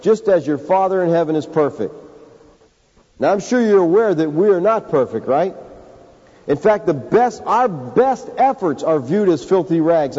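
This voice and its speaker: Emphatic high-voiced male preacher. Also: mellow. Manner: emphatic preaching, addresses listeners as folks. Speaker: pastor. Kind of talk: sermon. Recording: dull lo-fi sound with long hall reverb.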